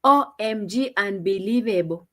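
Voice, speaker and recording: A woman's voice: mid-range voice, measured pace. A woman with a Swahili accent, chatting casually as she reacts to a video, teasing and repeating herself. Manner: chatty, teasing, repeats phrases, laughs often. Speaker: reaction commentator.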